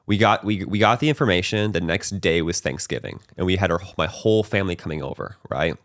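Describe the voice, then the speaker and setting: A man's voice: deep voice, fast talker, dry recording, studio quality. A man hosting a podcast, telling a personal story in loose, casual talk, often tagging his sentences with "right?". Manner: loose and conversational, peppered with "like", "right?" and "bro"; animated, acting out his own past panic. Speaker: podcast host.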